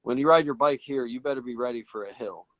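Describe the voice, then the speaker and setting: A man's voice: mid-range voice, fast talker, fairly bright tone, dull audio. A man who grew up in a British household in Florida, chatting casually and teasingly as a show co-host, with a mostly American accent. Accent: American, with a put-on British voice at times. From England. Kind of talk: casual chat.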